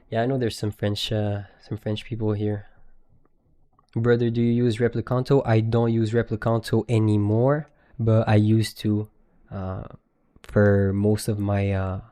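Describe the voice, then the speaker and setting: A man chatting casually on a live stream, answering viewers' questions with loose fillers. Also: fairly low pitch. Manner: relaxed, reads chat questions aloud with fillers. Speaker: trading streamer.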